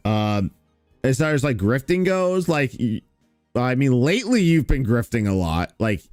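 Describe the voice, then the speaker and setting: Reacting to stream clips, this male commentary host is sarcastic, mocking and profane. His mid-range voice is a little mellow and sing-song, his pace slightly slow, on a dry recording with soft background music.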